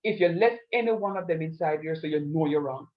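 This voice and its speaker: A man's voice: on the high side, fast talker. A man teaching a math class, explaining each step patiently with playful asides. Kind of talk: online math lesson. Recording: lo-fi online class audio.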